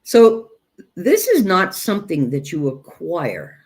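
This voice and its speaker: Emphatic woman giving a slow spiritual talk. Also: fairly low pitch, very animated, darkish tone. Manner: emphatic, addresses listeners as "you guys". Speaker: self-growth teacher. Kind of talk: direct spiritual self-help talk.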